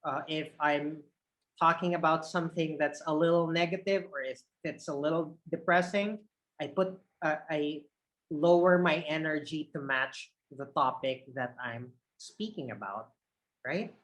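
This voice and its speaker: A man's voice: fairly high pitch, measured pace, low-quality recording. Male call center trainer on a video call. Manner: expressive, shifts energy up and down to demonstrate tone. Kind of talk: online training session.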